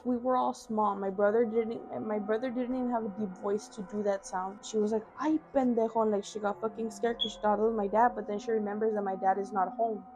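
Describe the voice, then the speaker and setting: A woman's voice: medium pitch, a little mellow. Rambling young woman telling scary stories. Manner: rambling, heavy swearing, lots of "like" fillers. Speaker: vlogger. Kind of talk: casual storytelling. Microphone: phone camera.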